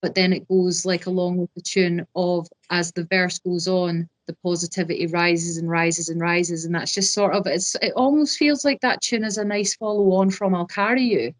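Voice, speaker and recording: Brief: young Scottish woman, musician guest, low-pitched, close dry mic, talkative and lively. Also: normal speed, hardly any pauses, no room sound. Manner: chatty and enthusiastic, many fillers like "do you know what I mean". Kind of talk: casual interview chat.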